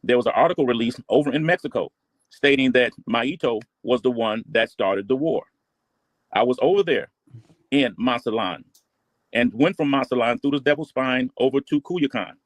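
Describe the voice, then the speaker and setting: A man's voice: mid-range voice, normal speed, dry recording. A man telling his past in a blunt, profane, casual way. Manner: blunt, profane street talk. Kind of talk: casual storytelling.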